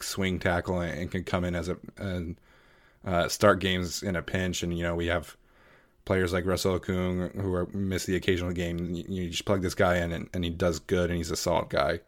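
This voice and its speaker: A man with a very low voice speaks in a relaxed, measured way in a casual podcast chat. He leans on small fillers while he lines up his thoughts. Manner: measured, laid-back, many fillers. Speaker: podcast co-host.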